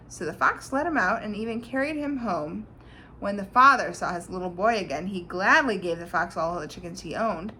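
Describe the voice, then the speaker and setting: A woman reading a storybook aloud to a child, animated and pointing out the pictures as she goes. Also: medium pitch, moderate pace, a little hiss or hum, low-quality recording.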